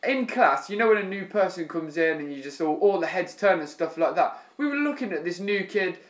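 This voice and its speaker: A man's voice: sits high, lively intonation, fairly quick. A man co-hosting a casual podcast, telling stories about old friends in laid-back banter with some swearing. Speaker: podcast co-host. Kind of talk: casual chat. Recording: echoey room.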